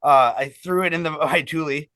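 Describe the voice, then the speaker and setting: A man's voice: fairly high pitch, brisk, sharp tone, dry recording. A man who fronts a band, telling stories in a casual interview, rambling and swearing with lots of fillers. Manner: rambling, profane, heavy on fillers.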